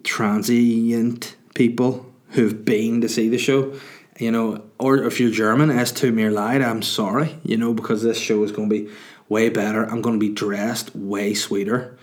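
A man's voice: fairly low pitch, flat delivery, measured pace, darkish tone. A man, a comedian hosting his own podcast in a rambling, self-mocking monologue full of fillers.

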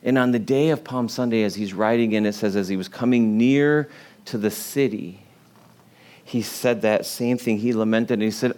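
A middle-aged man preaching a sermon in a conversational storytelling way, with lively quoted voices and soft laughs. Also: mid-range voice, normal speed. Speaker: pastor.

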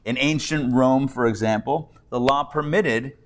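A rabbi teaches a live adult-education class before an audience, speaking loosely and conversationally with many restarts and repeated words while slipping in wry jokes. His mid-range voice keeps a measured pace, with slight background noise.

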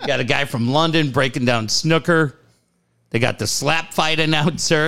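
A man hosting a sports radio show, telling profane, animated stories and laughing often. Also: a little high, normal speed, clean tone. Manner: profane, animated storyteller who laughs a lot. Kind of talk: casual sports radio banter.

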